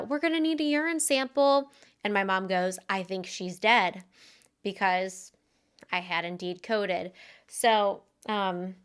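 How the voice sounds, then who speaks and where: A young woman co-hosting a podcast tells a personal story. Her voice is bright and crisp, and her tone is earnest and conversational, with plenty of "um"s along the way. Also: medium pitch. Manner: earnest, conversational with frequent fillers. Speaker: podcast co-host.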